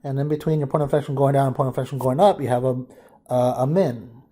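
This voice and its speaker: A man's voice: medium pitch, steady tone, quick pace, dark tone. A man teaching a math lesson, thinking aloud casually as he works problems and addresses the class as guys. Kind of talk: informal lesson walkthrough.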